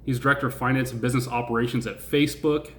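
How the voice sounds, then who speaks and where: A man's voice: mid-range voice, fairly even intonation, very fast, fairly bright tone, reverberant, slight background noise. A man hosting a stock-investing channel, chatting casually, laughing often and asking his viewers questions. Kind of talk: casual video commentary.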